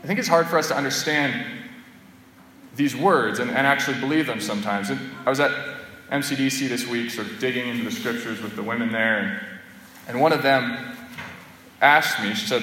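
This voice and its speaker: A man's voice: mid-range voice, expressive, fairly quick, sharp tone, a little hiss or hum. A man giving a homily as a Catholic priest, speaking in a conversational, storytelling way. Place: church. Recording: echoey church with long reverb.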